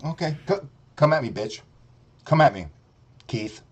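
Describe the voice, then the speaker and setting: A male streamer tears into a rival in a heated, foul-mouthed rant. His pitch swings widely as he mocks and jeers, and his voice sits a touch high for a man. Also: expressive, a little slow, breathy edge. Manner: profane, mocking, heated. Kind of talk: ranting commentary.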